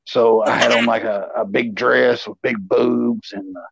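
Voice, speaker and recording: Male co-host, husky, rambling storyteller, close and dry. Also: mid-range voice, measured pace, no room sound. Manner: rambling and animated, with lots of "you know". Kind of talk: casual storytelling chat. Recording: slightly dull, lo-fi sound.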